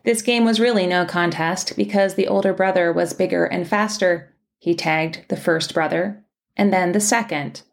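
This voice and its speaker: A woman podcast host reading a scripted, reflective sermon and telling a story in measured phrases. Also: lowish voice, steady tone, vocal fry.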